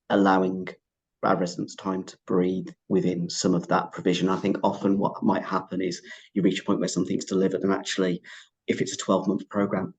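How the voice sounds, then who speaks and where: Deep gravelly man on a panel. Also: darkish tone. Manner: earnest, discursive. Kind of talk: panel discussion answer.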